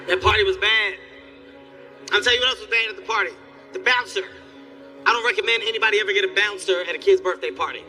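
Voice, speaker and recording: A man doing stand-up comedy on a live stage, telling stories in an animated, profane way. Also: sits high, fast, long pauses, faint music behind. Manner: animated, loud storytelling with profanity.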